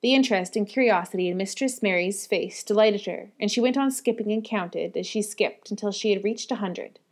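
A woman reads a classic novel aloud as an audiobook narrator. Her delivery is measured and storytelling, her pitch sitting in the middle range.

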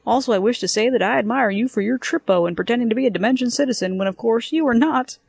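A woman's voice: a little high, fast talker, creaky, a little mellow, breathy edge, dry recording, pitched above the performer's own voice. A woman voicing a polite, smiling young male policeman with a courteous, formal manner.

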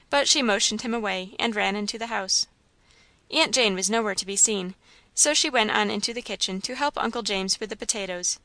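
A woman reads a novel aloud as a scripted audiobook, lightly shading the characters' dialogue. Her medium-pitched voice is bright and forceful, and the recording has no echo.

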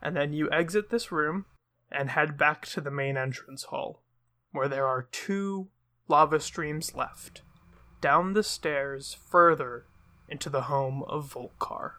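A man running a tabletop game, describing the scene in a measured way. His voice is bright and somewhat high. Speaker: game master.

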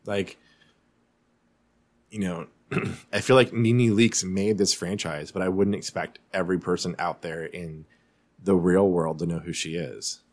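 A man co-hosting a podcast, chatting casually and retelling scenes with quick, animated asides. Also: low voice. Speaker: podcast co-host. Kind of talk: casual chat recapping a TV show.

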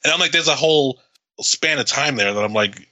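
A man's voice: mid-range voice, brisk, sharp tone. A man co-hosting a podcast in casual chat, swearing and laughing often. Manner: profane, laughing. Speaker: podcast co-host.

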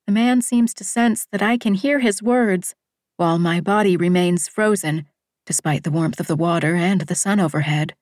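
A woman narrating a novel in the first person, measured and lyrical, dropping at times into a hush. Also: on the low side, no room sound, clean studio sound. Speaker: audiobook narrator.

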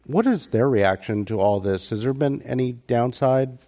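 A man's voice: mid-range voice, normal speed, dark tone. A man moderating a panel on stage before a live audience, asking questions in an easygoing, conversational way with frequent fillers.

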